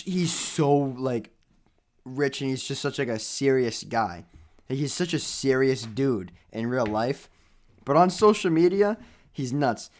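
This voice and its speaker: A young man hosting a podcast, chatting casually and joking around in quick banter. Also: medium pitch, a little mellow. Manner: joking, rapid banter with frequent laughter. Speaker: podcast host. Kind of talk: casual chat.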